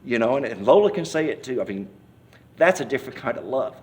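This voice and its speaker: A man's voice: medium pitch, quick pace. Man telling a folksy testimony. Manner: animated storyteller, acts out scenes and hollers quoted cries; folksy, rambling speech with many restarts. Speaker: church member giving testimony. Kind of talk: personal testimony told in an interview.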